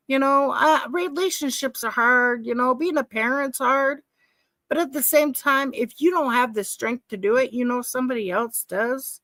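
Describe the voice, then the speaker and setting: A woman with a high voice talks straight into the mic of a home stream setup, and the sound is close and dry. Her commentary is casual, emotional and repetitive, full of rhetorical questions. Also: a bit bright, no room sound. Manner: emotional, informal, repeats herself, asks rhetorical questions. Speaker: live-stream host commenting on a trial.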